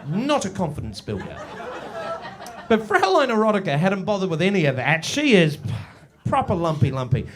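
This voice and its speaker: A man in his forties performing a stand-up comedy set in a village pub, swinging between booming and hushed storytelling. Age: 40s. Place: village pub before a live audience.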